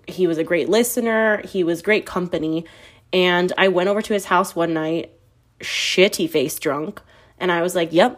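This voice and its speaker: A woman in her early thirties hosting a podcast, telling candid stories in a casual, self-mocking way. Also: medium pitch. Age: 30s. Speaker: podcast host. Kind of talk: casual confessional chat.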